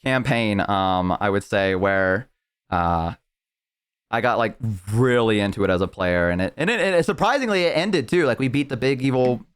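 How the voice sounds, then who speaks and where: A man's voice: fairly low pitch, lively intonation, normal speed, clear, resonant tone. A young man streaming live, telling a long, rambling story in casual chat with lots of fillers and restarts.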